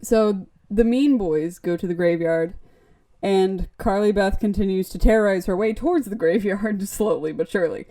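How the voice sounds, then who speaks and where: A chatty woman retelling a story for a podcast, her voice mellow and warm rather than bright. She talks casually and slips into little acted-out quotes. Her pitch sits in an ordinary middle range. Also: normal speed. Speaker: podcast co-host. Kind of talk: casual book recap.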